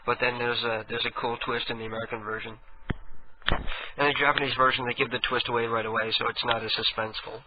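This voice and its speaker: A man hosting a radio show, chatting casually and rambling with many restarts. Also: mid-range voice. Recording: tinny phone-like radio audio with faint hiss.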